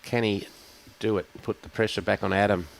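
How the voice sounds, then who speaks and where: A man commentating live lawn bowls, calling each shot in a measured way and weighing up the players' options. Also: fairly low pitch, steady tone, creaky, a little hiss or hum, rough recording. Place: bowls club.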